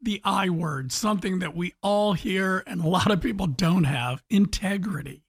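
A radio talk show host runs the conversation in a loose, chatty way. The voice is mid-pitched and laughs often. It speaks from a studio. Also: moderate pace, slightly rough, no room sound.

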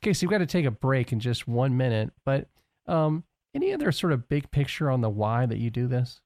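Animated male radio host, dry studio. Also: medium pitch, fairly quick, no room sound. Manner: animated, reflective, checks understanding. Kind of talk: interview conversation. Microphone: studio microphone.

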